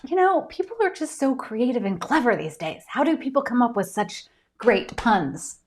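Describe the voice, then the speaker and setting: An author hosting a casual live stream from home, chatty and giggly with many ums. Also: female voice, on the high side, very animated, normal speed.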